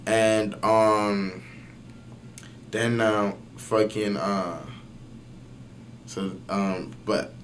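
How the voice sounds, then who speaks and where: A young man telling a story in casual podcast chat, slangy and animated, swearing often and using lots of fillers. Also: fairly low pitch, drawn-out words, pauses often, a little hiss or hum. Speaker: podcast guest.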